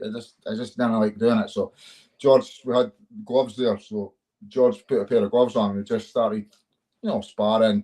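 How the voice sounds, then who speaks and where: Scottish guy telling fight stories, kinda low voice, swears a lot and laughs along. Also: darkish tone. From Scotland. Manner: swears freely, chuckles through his stories. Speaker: MMA fighter, interview guest. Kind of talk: casual storytelling chat.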